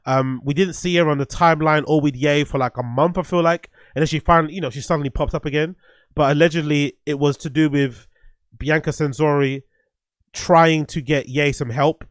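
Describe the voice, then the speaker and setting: A man's voice: a little high, steady tone, brisk, no echo. Blunt, profane man, dry sound. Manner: blunt, profane, rambling with restarts. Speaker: streamer host reviewing music. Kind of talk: casual livestream commentary.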